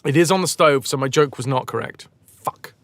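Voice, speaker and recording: A man's voice: mid-range voice, normal speed, no echo. A man live-streaming a game, chatting casually with viewers in a rambling, self-mocking way and swearing freely.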